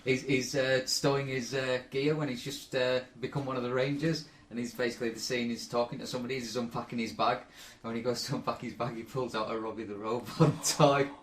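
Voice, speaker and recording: A man's voice: medium pitch, little pitch movement, a little fast. A man co-hosting a casual comedy podcast, reading out listener submissions, laughing often and talking with many fillers. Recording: roomy with faint noise.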